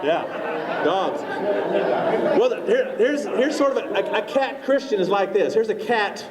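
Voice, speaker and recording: A man's voice: high-pitched, lively intonation, unhurried, over a noisy crowd. A man pastor preaching a conversational sermon in a church hall, full of fillers and asking the congregation questions. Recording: echoey hall, distant mic.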